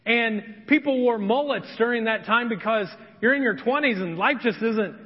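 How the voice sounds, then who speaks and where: A male pastor delivers a sermon in an earnest, personal storytelling manner. His voice sits high for a man. It rings with long reverb in a church hall and sounds slightly muffled. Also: moderate pace. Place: church sanctuary.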